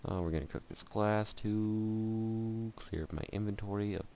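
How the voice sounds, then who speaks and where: A man's voice: lowish voice, moderate pace, warm tone, slight background noise. A man giving casual, rambling commentary over a video game, joking at his own expense and chatting to the game itself. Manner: rambling, jokey, self-mocking; talks to himself and the game. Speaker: gameplay commentator. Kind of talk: casual let's-play commentary.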